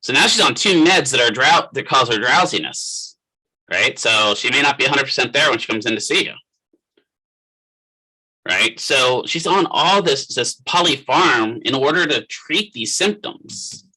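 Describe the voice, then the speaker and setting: Husky middle-aged male instructor, very bright tone, casual classroom lecturing, quizzes students. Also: medium pitch, lively intonation, unhurried, poor audio. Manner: conversational, quizzes the class by name. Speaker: physical therapist assistant instructor.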